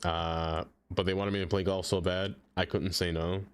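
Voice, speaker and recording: A man's voice: low voice, little pitch movement, moderate pace, smooth. A young man from Brooklyn, rambling and joking as he reads chat on a casual gaming stream. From Brooklyn, New York.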